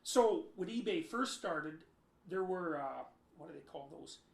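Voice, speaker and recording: A man giving long explanatory interview answers in his home, emphatic and lecturing, with sharp swings between loud and quiet. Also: a little high, animated, a little slow, gravelly. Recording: roomy echo.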